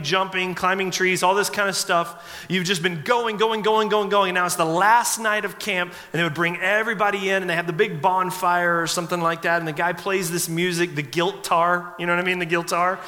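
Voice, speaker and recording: A pastor in his forties delivers a sermon in a high, bright voice. He tells humorous stories in a chatty, relaxed way. His voice rings out with a long reverb in a church sanctuary. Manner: conversational, humorous storytelling.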